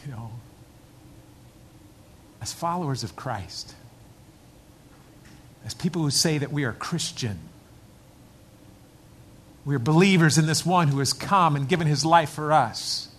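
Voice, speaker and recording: A man's voice: a little high, unhurried, pauses often, fairly bright tone, a little hiss or hum. Man preaching an emphatic sermon. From United States. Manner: storytelling, builds to emphatic preaching. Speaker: pastor.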